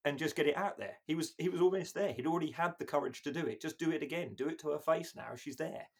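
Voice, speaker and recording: A man's voice: fairly high pitch, fast, vocal fry, husky. A man co-hosting a podcast, chatting casually and laughing as he quotes lines. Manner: animated, laughs while acting out lines. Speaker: podcast co-host. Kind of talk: casual chat.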